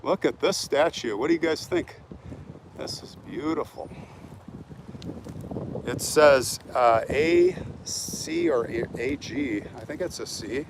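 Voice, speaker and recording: A man's voice: mid-range voice, big pitch swings, slow. A man walking through a cemetery outdoors, chatting on a phone live stream and answering viewer comments as he goes. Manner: talkative, reads viewer comments aloud and answers them. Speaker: vlogger hosting a live stream. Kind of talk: casual live-stream chat while walking. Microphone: phone held while walking. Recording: outdoor phone audio with wind noise.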